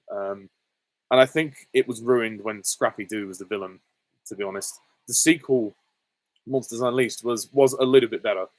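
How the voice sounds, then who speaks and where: A man's voice: fairly low pitch, no echo, rough recording. A man hosting a live stream, reading out viewer questions and answering them in a candid, chatty way.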